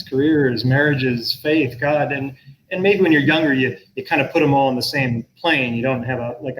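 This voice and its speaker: Middle-aged guy professor, earnest, thinks out loud, slightly high voice, faint hiss. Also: rough recording. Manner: thoughtful, earnest, with frequent restarts. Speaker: professor and guest speaker. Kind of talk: conversational talk on a video call.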